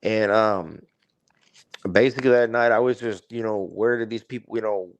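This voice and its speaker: Smooth-voiced man telling a story. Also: lowish voice, normal speed, no room sound, highs cut off. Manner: rambling, profane, heavy use of "like". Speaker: podcast guest. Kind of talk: casual storytelling.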